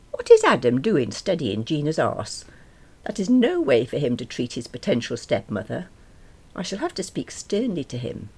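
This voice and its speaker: A woman's voice: very deep voice, vocal fry, a little mellow, breathy edge. A woman reading a diary novel aloud, wry, dry and self-deprecating.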